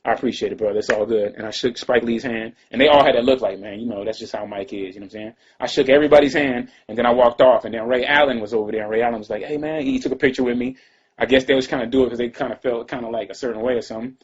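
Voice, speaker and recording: A man casually telling a personal story in a rambling, slangy way, often trailing off into quiet asides. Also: medium pitch, fairly even intonation, rapid-fire, husky. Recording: dull lo-fi sound.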